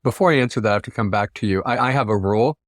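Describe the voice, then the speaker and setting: A man's voice: fairly low pitch, racing, no echo. Earnest American man, dry sound. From United States. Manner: earnest, heartfelt, quote-driven. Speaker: interview guest, ethics practitioner. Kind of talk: reflective interview talk.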